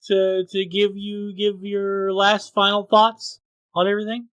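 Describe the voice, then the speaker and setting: A man's voice: high voice, completely flat delivery, unhurried, smooth, dry recording. Ranting, profane man on a podcast. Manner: profane, ranting, loud outbursts. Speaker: podcast co-host. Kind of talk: casual podcast chat.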